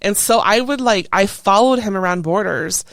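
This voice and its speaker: A woman, a retired Coast Guard chief petty officer, telling stories in a casual interview, lively and acting out other people's voices. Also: mid-range voice, normal speed, no room sound. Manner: lively, animated storyteller who acts out quoted voices.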